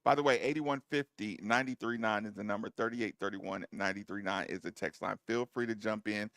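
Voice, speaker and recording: A man's voice: on the low side, fairly even intonation, a bit bright, no echo. A man co-hosting sports radio, playful and affectionate, joking and reading live ads into a studio microphone. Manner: playful and affectionate, quick to joke and laugh. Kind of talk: casual sports radio talk and live ad read.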